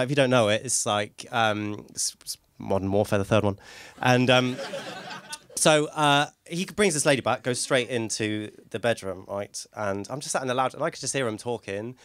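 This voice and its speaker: A man's voice: mid-range voice, a bit bright, clean tone. A man doing a rambling stand-up routine in front of a small live audience, with lots of "right?" tags and laughing asides. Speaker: stand-up comedian.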